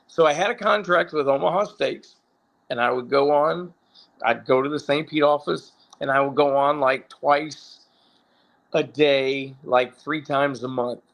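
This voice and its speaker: A middle-aged former pro wrestler tells stories casually in a slightly slow, somewhat high and bright voice. He rambles, swears, and keeps correcting himself.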